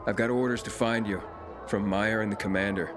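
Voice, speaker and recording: An actor playing a calm, terse man on a mission. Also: on the low side, brisk, over music, natural voice.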